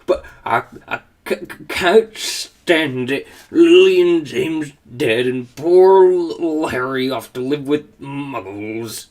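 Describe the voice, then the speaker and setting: A man voicing a huge, shaggy, tender-hearted male giant, with a stammering, gruff voice, reading a children's story aloud. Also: mid-range voice, a little slow, fairly bright tone, recorded from a distance, heavily acted. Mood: sobbing.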